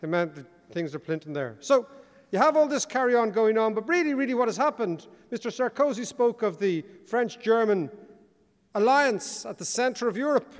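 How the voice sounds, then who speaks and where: An Irish man delivers a conference keynote in a wry, joking, animated way. His voice sits high for a man. The sound carries the long reverb of a large hall. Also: normal speed. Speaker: keynote speaker. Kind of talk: conference speech.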